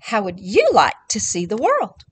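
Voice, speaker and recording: A woman's voice: mid-range voice, wildly swooping pitch, a little slow, husky, heavily acted. A woman voicing a friendly, eager male rooster in a children's storybook read-aloud, cheerful and inviting.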